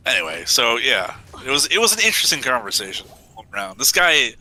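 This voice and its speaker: Chatty, lively male streamer, bright tone, rambling stories. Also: mid-range voice, fast, low-quality recording. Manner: rambling, laughing storyteller. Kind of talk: casual gaming chat.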